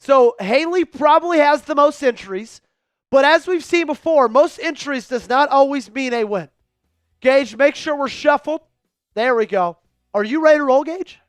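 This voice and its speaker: A man's voice: very high-pitched, animated, moderate pace, no echo, soft background music. A man hosting a fan live stream, running a raffle and calling plays from a game in a casual, hyped way. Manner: hypes donors and raffle, calls the game. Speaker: livestream host.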